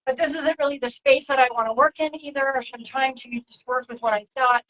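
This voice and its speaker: A woman talking casually on her own broadcast as a spiritual channeler, soft and reflective, drifting from one thought to the next. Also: high-pitched, fairly even intonation, brisk, hardly any pauses, lo-fi sound. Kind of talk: casual spiritual livestream talk.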